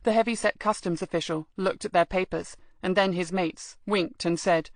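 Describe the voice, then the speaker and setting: A woman reads a first-person novel aloud in a measured, expressive manner. Her voice sits on the low side. The recording is close and dry, with no room sound. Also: no room sound. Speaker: audiobook narrator. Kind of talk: scripted first-person narration.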